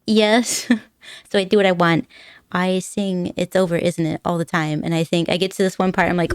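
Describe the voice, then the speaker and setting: A woman's voice: lowish voice, level tone, normal speed, smooth, no room sound, studio quality. A woman live streamer chatting casually with her viewers, rambling and giggly, laughing often and teasing her chat playfully.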